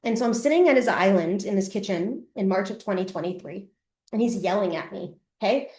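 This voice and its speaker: A woman's voice: medium pitch, brisk, a little mellow. A middle-aged Canadian woman, a podcast host and coach, telling a personal story in a live masterclass. She talks candidly, swears freely and acts out her past self. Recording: echoey room.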